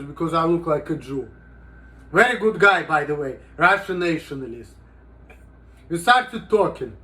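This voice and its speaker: High-voiced man rambling in a vlog. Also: bright, forceful tone. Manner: rambling, profane, heavy use of "you know". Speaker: vlogger. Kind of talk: casual vlog monologue.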